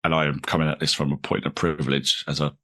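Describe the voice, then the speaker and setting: A man in his forties with a very low, deep voice, chatting as a comedian guest in an interview. He rambles and restarts often, joking at his own expense and breaking into laughs, in an easygoing, casual way. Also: little pitch movement, fast talker, fairly bright tone. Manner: rambling, self-deprecating, frequent restarts and laughs.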